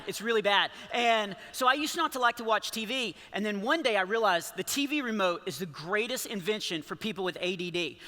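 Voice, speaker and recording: A man's voice: high voice, pushed and bright. A man in his forties doing rambling, self-deprecating stand-up comedy in a church, often laughing at his own jokes. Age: 40s. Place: large church hall with a live audience. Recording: long hall reverb.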